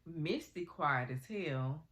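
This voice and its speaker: A woman's voice: low-pitched, slow pace. A woman recapping a TV episode in casual, gossipy vlog commentary, talking animatedly and getting over a cold. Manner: animated, gossipy retelling with slang and acted quotes. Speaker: recap vlogger.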